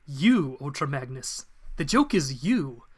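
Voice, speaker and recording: A man's voice: medium pitch, very animated, slow pace, husky, full character voice. A man voicing a towering, cruel male villain robot who taunts his foe in a mocking way.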